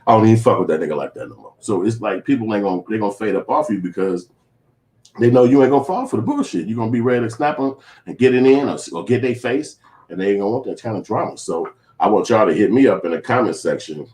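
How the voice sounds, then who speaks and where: Low-voiced man ranting loosely to viewers. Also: sing-song, fast, darkish tone. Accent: Chicago. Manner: profane, street slang, restless rambling. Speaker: vlogger. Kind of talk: casual commentary to viewers.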